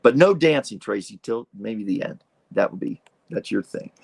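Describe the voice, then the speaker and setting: Gravelly older man chatting on a live stream. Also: fairly low pitch, lively intonation, normal speed, no echo. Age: 60s. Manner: chatty, rambling, reacts to comments with laughs. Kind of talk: casual live stream chat reading comments. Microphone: streaming setup mic.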